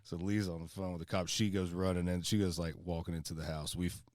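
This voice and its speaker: Deep-voiced man spinning a rambling yarn. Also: fast talker, dry recording, studio quality. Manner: rambling and animated, peppered with "bro" and "dude". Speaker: podcast co-host. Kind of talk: casual storytelling. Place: outdoors by a fire.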